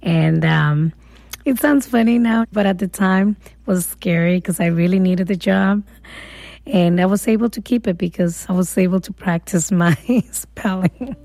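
A woman from the Republic, telling a personal story in an earnest, unhurried way during a recorded conversation. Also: lowish voice, gravelly, darkish tone, no echo. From Dominican Republic. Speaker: interviewee.

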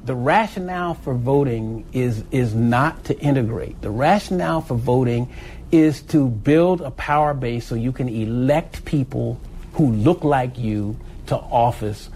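An older man from Philadelphia recalls his past in an oral history interview. He talks in a plain, mid-pitched voice, stopping and restarting his sentences and laughing easily. A faint hum sits under the recording. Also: warm tone. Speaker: interviewee, former activist.

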